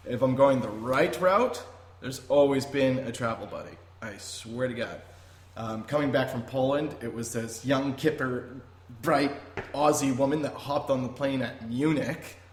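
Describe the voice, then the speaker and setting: Young guy, rambling anecdotes, echoey room. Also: mid-range voice. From Canada. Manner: animated, rambling, self-amused. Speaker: guest. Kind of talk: casual storytelling. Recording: echoey room, faint noise.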